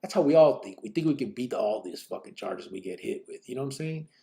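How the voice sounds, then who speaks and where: A man's voice: medium pitch, animated, fast, gravelly, warm tone. A man telling his own story on a live podcast, blunt and profane, full of fillers. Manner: blunt, profane street talk with many fillers.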